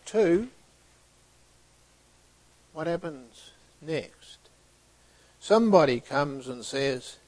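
A man delivering a sermon at an unhurried pace, his voice sitting a little high. He tells the story by acting out each speaker, building emphasis and then falling to a hushed near-whisper. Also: expressive. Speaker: preacher.

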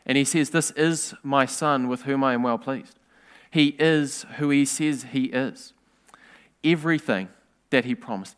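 A man preaching a sermon in an earnest, measured way, asking rhetorical questions. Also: mid-range voice, smooth.

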